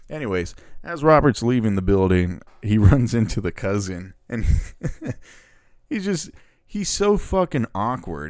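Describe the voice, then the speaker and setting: A man recaps a film in loose, casual talk, swearing freely and rambling with exasperation. His voice sits slightly low and comes across smooth and clear. The sound is close and dry. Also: darkish tone, dry recording. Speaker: movie reviewer.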